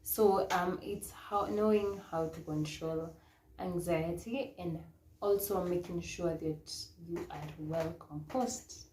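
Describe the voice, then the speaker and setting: A woman's voice: lowish voice, slow pace, a little mellow. A woman with a Kenyan accent, a pageant model coach, telling a story casually and laughing often, switching into Swahili now and then. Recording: echoey room with faint noise.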